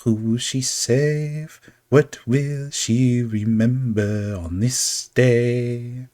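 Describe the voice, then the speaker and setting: A man's voice: medium pitch, steady tone, extremely slow, a little mellow. A man voicing a flamboyant, whimsical male showman in a tabletop game, talking in a theatrical, sing-song way. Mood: dreamy sing-song.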